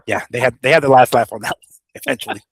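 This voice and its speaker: A man's voice: medium pitch, huge pitch swings, brisk, creaky, slightly rough, no room sound. A man co-hosting a boxing show, talking loosely and profanely with many fillers. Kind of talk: casual podcast chat.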